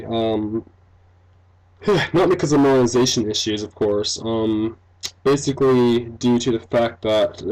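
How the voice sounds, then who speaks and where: A man's voice: medium pitch, darkish tone, low-quality recording. A young man giving casual commentary on a game he is building, rambling with many fillers and frequent laughs. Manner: rambling, full of fillers like "um", "like" and "you know"; laughs often, self-deprecating. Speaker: game developer and let's-play commentator.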